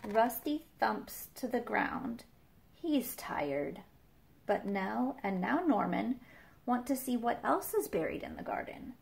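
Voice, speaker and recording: A woman preschool teacher reading a picture book aloud to children, with gentle chatty asides to her little listeners. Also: a little high, very animated, slow, gravelly.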